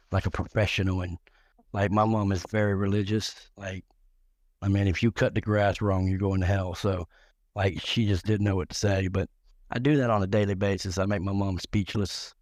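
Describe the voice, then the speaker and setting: A middle-aged man with a fairly low voice rambles through crude, joking stories on a live talk show. He keeps restarting and repeating words as he goes, and his voice sounds close and dry. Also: darkish tone, dry recording.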